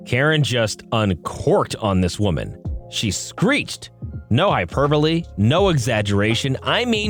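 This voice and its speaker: A man's voice: medium pitch, normal speed, soft background music. A man hosting a podcast, reading online stories aloud with sarcastic asides. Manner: sarcastic asides, expressive delivery. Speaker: podcast host.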